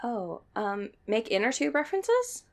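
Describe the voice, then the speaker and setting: A young woman co-hosts a casual comedy podcast, full of goofy quips and silly asides. Her voice runs a little high and lively, with a gravelly fry at the ends of phrases. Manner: goofy, jokey, quick asides. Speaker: podcast co-host.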